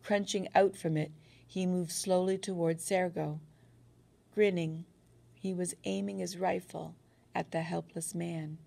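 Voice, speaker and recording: Low, gravelly woman reading a novel. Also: steady tone, unhurried, dark tone. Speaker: audiobook narrator. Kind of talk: first-person novel reading.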